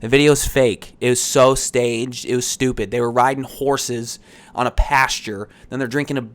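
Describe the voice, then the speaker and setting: A man's voice: medium pitch, fairly even intonation, moderate pace. A man hosting a podcast, ranting with heated sarcasm and swearing. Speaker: podcast host. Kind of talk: ranting commentary.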